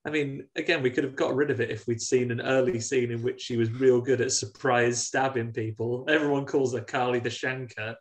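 A man's voice: medium pitch, brisk, hardly any pauses. English Midlands man retelling a film. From England. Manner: animated retelling, acting out characters. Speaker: podcast co-host. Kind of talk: casual film review chat.

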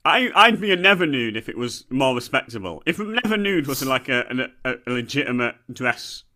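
A man's voice: medium pitch, sing-song, a little fast, bright, forceful tone. A young man co-hosting a podcast, bantering and joking casually. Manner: jokey, playful, lots of laughing. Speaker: podcast co-host.

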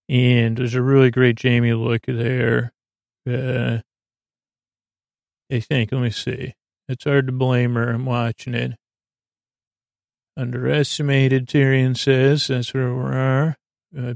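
A man with a gravelly, creaky voice and a flat, even delivery talks through a casual podcast recap. He rambles, restarts and jokes as he goes. The sound is dry and close, with almost no room around it. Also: mid-range voice, unhurried, no echo. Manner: rambling, self-interrupting, jokey, thinks aloud while checking the show. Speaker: podcast host recapping a TV episode.

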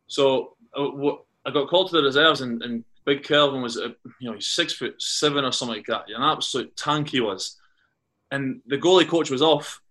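A man's voice: mid-range voice, moderate pace, fairly bright tone. A Scottish man from Carnoustie, a former footballer, chatting as a guest and telling rambling stories full of restarts and repeated words. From Carnoustie, Scotland. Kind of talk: casual podcast chat, anecdotes.

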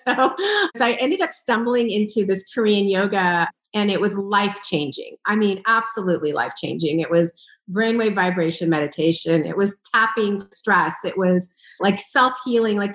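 Woman chatting, laughs a lot and does little voices for the people in her story, kinda echoey room. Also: medium pitch. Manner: animated, laughs often, acts out quoted dialogue. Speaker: author and entrepreneur telling her story. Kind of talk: conversational personal storytelling. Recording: roomy echo.

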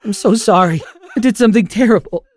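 Man voicing a tearful teenage boy, pleading, sobbing, high strained voice, storybook. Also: lively intonation, moderate pace. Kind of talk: storybook narration.

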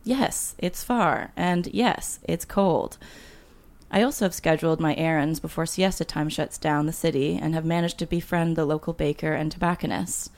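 Low, gravelly woman author; chatty, laughs easily, reads memoir aloud. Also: normal speed, a little mellow. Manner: laughs often, reads with light voicing of dialogue. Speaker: guest author. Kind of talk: casual chat, then reading her memoir aloud.

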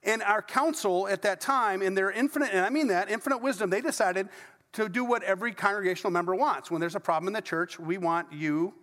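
A middle-aged male pastor with a high-pitched, fairly bright voice speaks briskly before a congregation in a church sanctuary. His sermon is casual and story-led, full of asides, and the large church hall adds a long reverb.

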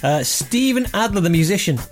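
A man's voice: sits high, big pitch swings, a little fast. A man hosting a podcast, reading out listener jokes and running a quiz game in an amused, jokey way. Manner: jokey, amused, often laughing at own reading.

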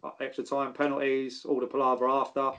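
A man, a former footballer, telling animated anecdotes and swearing freely. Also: medium pitch, fairly quick, slight background noise. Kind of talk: casual storytelling.

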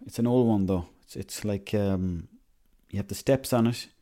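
A young Irishman rambling through a deadpan, sweary comic monologue. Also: lowish voice, moderate pace. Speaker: comedy monologuist.

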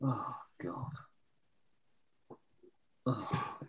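A man's voice: extremely slow, a bit bright. A man co-hosting a casual wrestling podcast chat, rambling and laughing often. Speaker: podcast co-host.

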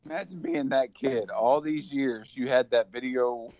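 A man's voice: mid-range voice, unhurried, darkish tone, dry recording, lo-fi sound. A man co-hosting a casual podcast chat, spinning out comic scenarios. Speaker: podcast co-host.

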